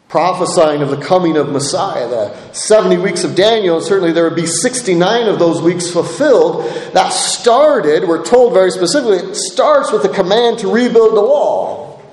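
A man's voice: high voice, expressive, moderate pace, darkish tone. A pastor giving a sermon, earnest and restating his points for emphasis. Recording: echoey hall with long reverb.

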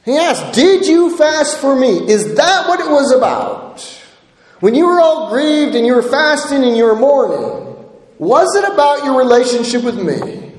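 High-voiced preacher guy, pitch swooping all over, lots of "right?", big echoey hall. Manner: animated preaching, rhetorical questions, frequent "right?". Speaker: pastor. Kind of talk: sermon. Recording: echoey hall with long reverb.

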